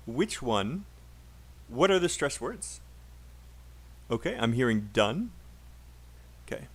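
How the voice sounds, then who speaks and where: A man's voice: mid-range voice, big pitch swings, slow, long pauses. A man with a British accent teaching a live online English class, chatty and encouraging, drilling phrases aloud for students to repeat.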